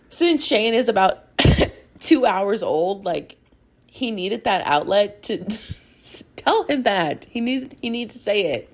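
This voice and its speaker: A woman's voice: mid-range voice, expressive, slow pace. A young woman hosting a podcast, gushing in a rambling casual chat full of "like" and laughter as she recaps a TV episode. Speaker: podcast host.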